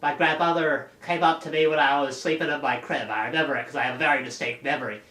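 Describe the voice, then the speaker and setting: A man delivering an improvised comic monologue as a mock job applicant, deadpan with sighs. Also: on the high side, fast talker, echoey room.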